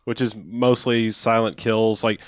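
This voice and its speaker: A man's voice: fairly low pitch, steady tone, unhurried, dry recording, studio quality. A man in a casual movie-recap chat, dropping wry, sarcastic remarks. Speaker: podcast co-host.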